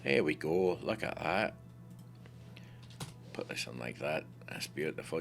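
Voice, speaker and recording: Low gravelly man, excitable tutorial. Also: measured pace, long pauses, a little hiss or hum. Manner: excitable, talks to himself, playful swearing. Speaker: 3D software tutor. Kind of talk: casual screen-recorded tutorial.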